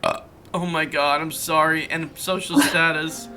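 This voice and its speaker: A man's voice: fairly high pitch, little pitch movement, measured pace, pushed and bright, soft background music. A man hosting a casual let's play, reading game text aloud with playful asides and stumbling over words now and then.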